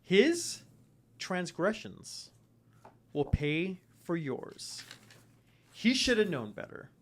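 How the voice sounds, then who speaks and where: A man voicing a stately female vampire prince who speaks in a low, formal, measured way. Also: big pitch swings, fairly bright tone, exaggerated voice. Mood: cold.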